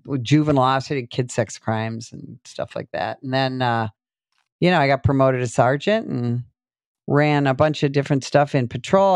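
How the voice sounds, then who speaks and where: A middle-aged woman, a police sergeant telling stories as an interview guest, animated and full of fillers. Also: rumbling low, no echo. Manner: animated storyteller, many fillers, acts out quotes. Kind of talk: casual storytelling interview.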